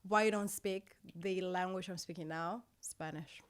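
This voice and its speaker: A woman's voice: fairly low pitch, steady tone, unhurried, smooth. A young woman from Georgia, a guest on an interview show, chatting casually and playfully, with a lot of laughter. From Georgia, raised in Moscow. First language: Georgian and Russian. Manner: laughing, playful, switching languages with many fillers.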